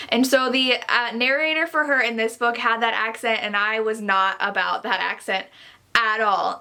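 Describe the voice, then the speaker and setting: A woman's voice: on the high side, sharp tone. A young woman chatting casually about books she read this month, rambling and gushing, often exasperated. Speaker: book vlogger. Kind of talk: casual book review chat.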